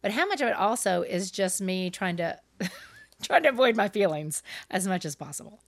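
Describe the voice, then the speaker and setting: Animated middle-aged woman telling stories. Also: medium pitch, moderate pace, no room sound, clean studio sound. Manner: animated, self-deprecating, laughs often. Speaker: podcast co-host. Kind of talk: candid conversational storytelling.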